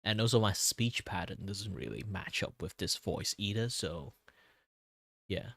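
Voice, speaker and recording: Tired, low-voiced man chatting on stream. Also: animated, measured pace, creaky, sharp tone, dry recording, studio quality. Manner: rambling, chuckling, with many fillers and restarts. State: voice worn and tired from talking a lot. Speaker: VTuber streamer. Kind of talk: casual chat with stream viewers.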